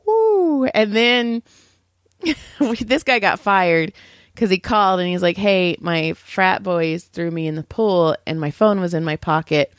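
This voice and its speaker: A woman co-hosting a podcast, telling call center stories in a casual, animated way, swearing freely, laughing often and acting out the callers. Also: medium pitch, a little slow, smooth, no echo, studio quality. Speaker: podcast co-host. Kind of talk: casual storytelling chat.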